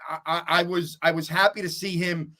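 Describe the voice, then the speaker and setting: A man's voice: fairly high pitch, steady tone, moderate pace, bright, forceful tone. A man co-hosting a casual sports podcast, reflective and questioning as he talks through the game. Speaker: podcast co-host.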